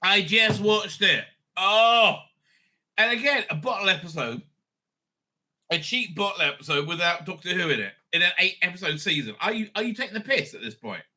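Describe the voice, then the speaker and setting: A middle-aged man talks through a casual live-stream review, rambling, swearing and laughing at his own jokes. His voice sits high and swings widely in pitch. It sounds bright and sharp. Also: lively intonation, moderate pace. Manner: rambling, profane, laughing often. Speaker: rabbi and show host.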